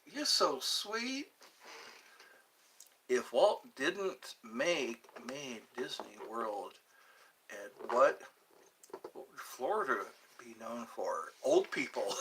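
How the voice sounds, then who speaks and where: A man's voice: medium pitch, sharp tone, distant mic, low-quality recording. A man hosting his own channel, musing aloud in a meandering livestream chat and trying out pickup lines. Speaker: channel host.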